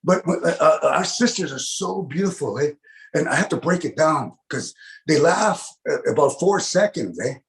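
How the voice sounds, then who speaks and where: A middle-aged man doing stand-up comedy, folksy and animated, who tags his lines with "eh?" and acts out big laughs. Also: on the high side, normal speed, creaky. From Canada.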